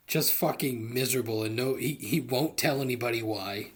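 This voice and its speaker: Husky, rambling man ranting into a mic. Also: medium pitch, normal speed, few pauses, fairly bright tone. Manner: rambling, profane, laughs at his own jokes. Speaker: podcast host. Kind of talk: solo comedic podcast rant. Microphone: close studio microphone.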